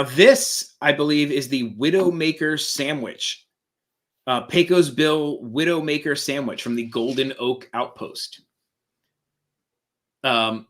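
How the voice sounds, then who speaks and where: A man's voice: medium pitch, fairly bright tone. A man who is a parent, co-hosting a casual live talk show, playful and jokey as he describes food items. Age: adult parent. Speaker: co-host of a Disney talk show. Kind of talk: casual live-stream chat.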